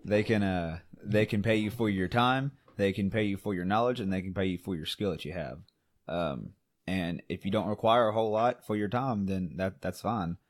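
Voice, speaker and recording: A man's voice: low-pitched, moderate pace. A man co-hosting a podcast in casual chat, blunt, profane and rambling. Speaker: podcast co-host.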